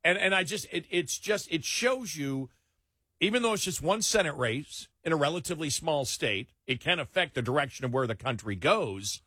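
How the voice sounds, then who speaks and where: A man's voice: a little high, lively intonation, moderate pace, pushed and bright, husky, dry recording, clean studio sound. A man hosting a late-night political talk radio show, emphatic and incredulous, often restarting his words.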